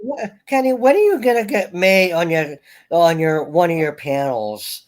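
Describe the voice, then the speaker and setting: A man's voice: fairly high pitch, lively intonation, normal speed. A man on a casual call-in chat, blunt and teasing, saying provocative things.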